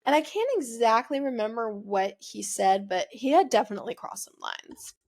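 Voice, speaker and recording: A woman's voice: fairly high pitch, animated, normal speed. A young woman hosting her own show, telling a personal breakup story in a rambling, confessional way, full of "like" and "you know". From United States. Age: young adult. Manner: rambling, heavy use of "like", emotional confessional. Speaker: podcast host.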